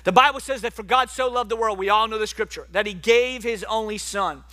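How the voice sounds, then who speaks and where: A young man preaching a sermon, animated, swinging between soft quiet stretches and loud emphatic bursts. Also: high voice, a little fast.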